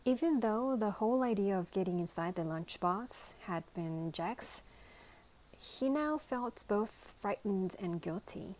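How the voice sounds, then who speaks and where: A woman reading a children's novel aloud as a bedtime story, in a gentle, measured way. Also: medium pitch, animated, rough recording. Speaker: storybook reader.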